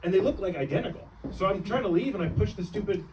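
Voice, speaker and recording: A man's voice: high-pitched, fast, far from the mic, noisy background. A young man doing a stand-up comedy set, rambling and breaking off mid-sentence, laughing at his own jokes on a club stage.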